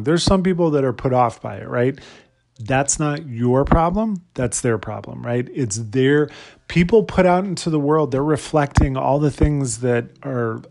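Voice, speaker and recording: A man with a mid-range, creaky voice and darkish tone hosts a solo motivational podcast. He talks energetically and fires off lots of rhetorical questions at his listeners.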